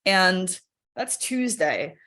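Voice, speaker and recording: A woman speaks candidly to a live webinar audience over a video call, and her voice sits a little low for a woman. She talks in a loose, conversational way and keeps checking in with listeners. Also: very animated, drawn-out words, bright, forceful tone. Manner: candid, conversational, often asks the audience "right?". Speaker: speaker sharing a personal story. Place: her home workspace.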